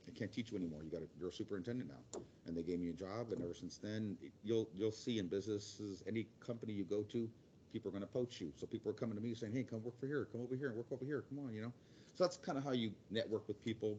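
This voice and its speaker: Fast-talking middle-aged man, lo-fi. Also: lowish voice, a little mellow, slight background noise. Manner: rambling, acts out quotes in other voices. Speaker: guest speaker. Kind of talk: casual career talk to students.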